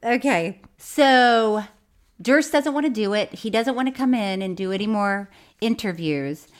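A woman co-hosting a casual podcast, her voice lively and swinging up and down as she talks. She teases her partner, laughs often and drops into low muttered asides while she walks through a crime story. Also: a little slow. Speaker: podcast co-host. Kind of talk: casual chat, recapping a true-crime documentary.

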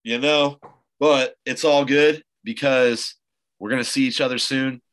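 A man's voice: medium pitch, steady tone, measured pace, a bit bright, low-quality recording. A man hosting a podcast, chatting casually and rambling through stories with lots of filler words. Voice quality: loose, rambling storyteller with many fillers. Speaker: podcast host. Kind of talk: casual chat.

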